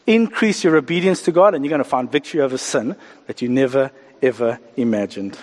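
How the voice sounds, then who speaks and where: A middle-aged man preaching a sermon, animated and acting out the voices he quotes. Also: medium pitch, brisk. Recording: hall reverb.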